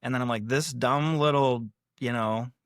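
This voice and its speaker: A man's voice: medium pitch, moderate pace, dry recording, studio quality. Rambling self-deprecating male podcast guest. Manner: rambling, self-deprecating, acts out quoted lines. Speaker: podcast guest, prank video creator. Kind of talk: casual storytelling.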